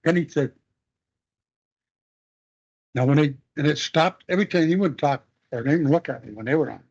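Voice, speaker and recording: An older man being interviewed, telling a long war memory in a halting, rambling way with many restarts. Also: fairly high pitch, a little mellow, slightly rough. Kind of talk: oral history storytelling. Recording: dull lo-fi recording.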